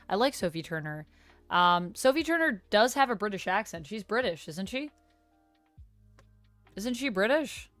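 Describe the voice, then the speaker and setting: A woman's voice: medium pitch, moderate pace, pauses often, dry recording. A young woman hosting a live stream, chatting casually with her chat, her voice leaping up on surprised questions. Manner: animated, voice leaps up on surprised questions. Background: faint lo-fi music.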